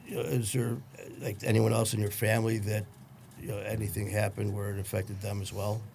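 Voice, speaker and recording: A man's voice: fairly low pitch, little pitch movement, brisk, creaky, a little mellow, a little hiss or hum. A man hosting a podcast, interviewing a guest and telling his own story in a reflective way. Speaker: podcast host. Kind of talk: conversational interview.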